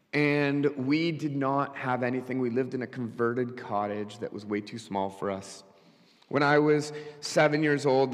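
Preaching man in a reverberant church. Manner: storytelling, swings between loud emphatic lines and quick low asides. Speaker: pastor. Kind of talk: sermon. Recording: church hall with long reverb.

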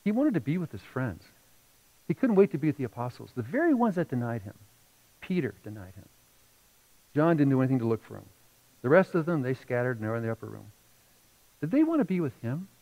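A middle-aged man preaching from the pulpit, his voice ranging widely as he tells a heartfelt story. He drops to near hushes and then rises with feeling. The recording sounds a little dull and lo-fi. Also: medium pitch, big pitch swings, brisk, long pauses. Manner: emotional storytelling, rising and falling between hushed and loud. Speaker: pastor. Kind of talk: sermon.

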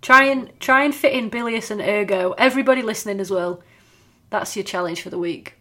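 A woman with a northern English accent co-hosting a podcast, chatting casually, blunt, sweary and quick to laugh. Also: medium pitch, sharp tone. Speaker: podcast co-host. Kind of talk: casual chat.

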